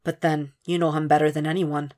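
A woman's voice: low voice, little pitch movement, a little fast, a little mellow, natural voice. Insistent, knowing inner voice of a man, read by a woman. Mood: warning. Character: nagging male inner voice, warning, knowing.

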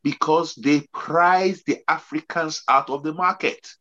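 A man's voice: a little high, unhurried, a bit bright, dull audio. A man hosting a casual panel discussion, telling stories animatedly and laughing as he goes. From UK-based. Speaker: host.

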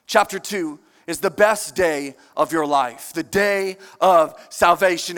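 A man preaching a sermon in a large church, emphatic and animated, questioning the congregation. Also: high-pitched, slow, hardly any pauses. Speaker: pastor. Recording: long church-hall reverb.

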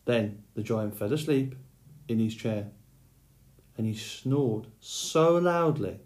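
A man reading a fairy tale aloud in a measured, unhurried way. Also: medium pitch, animated, a little mellow, reverberant. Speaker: storyteller. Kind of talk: storybook read-aloud.

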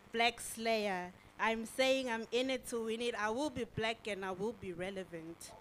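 A woman's voice: medium pitch, slight background noise, low-quality recording. A woman performing spoken-word poetry at a live event, delivering her lines in a rhythmic, declamatory way. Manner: rhythmic, declamatory, building emphasis. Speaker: performance poet. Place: live venue with audience.

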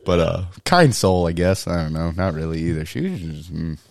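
A man's voice: low-pitched, lively intonation, fairly quick, gravelly, no room sound, clean studio sound. A man co-hosting a podcast in casual chat, blunt and joking, laughing often and trailing off with fillers. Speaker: podcast co-host.

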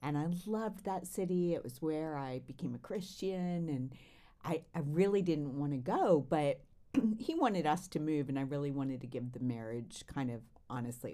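A woman's voice: low-pitched, warm tone. A woman co-hosting a faith podcast who tells a personal story in an earnest way.

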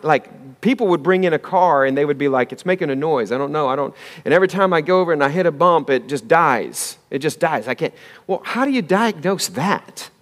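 Storytelling pastor in a reverberant hall. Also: male voice, a little high. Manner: storytelling, swings between loud and hushed. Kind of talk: sermon. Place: church sanctuary.

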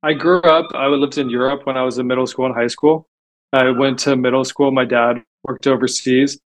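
A man's voice: mid-range voice, steady tone, normal speed, a little hiss or hum. A man as a podcast guest, telling stories in a casual, chatty way and filling gaps with "like". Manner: chatty storytelling, frequent "like" fillers. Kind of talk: casual interview talk.

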